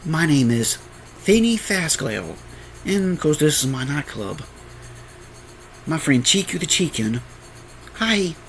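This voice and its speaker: A man's voice: a little high, very animated, takes it slowly, long pauses, a bit bright, faint music behind, pitched above the performer's own voice, exaggerated voice. A man voicing a friendly female animatronic who owns a nightclub, introducing her friends in a slightly raised, cheerful voice. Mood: welcoming.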